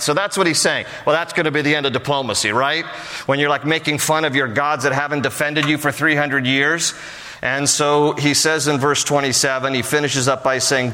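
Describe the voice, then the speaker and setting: A man preaching a sermon, reading scripture verses aloud and then explaining them in casual, animated speech with emphatic questions. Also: mid-range voice, a little fast. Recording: long hall reverb.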